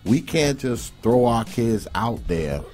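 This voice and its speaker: A man talking in a casual roundtable discussion, emphatic and repetitive, sometimes rising to loud outbursts. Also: medium pitch, very animated, slow, soft background music. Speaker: podcast host.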